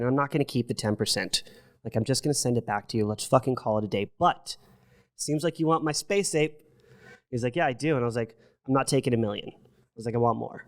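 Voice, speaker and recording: This man talks at a fast clip in a middle pitch, rushing through an animated, profane story. He jumps into other people's voices as he quotes them. He sounds like a middle-aged guest in casual podcast talk.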